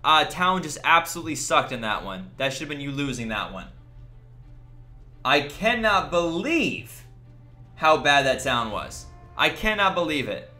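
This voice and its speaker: A man's voice: fairly high pitch, big pitch swings, a little slow, sharp tone, faint music behind. A man streaming a game live, ranting in exasperation at his fellow players. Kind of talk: livestream commentary.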